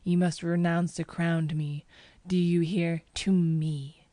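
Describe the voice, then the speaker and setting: A woman's voice: on the low side, little pitch movement, slow pace, dark tone, dry recording. A woman reading the fierce, commanding lines of a deranged young man who claims a crown. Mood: ranting.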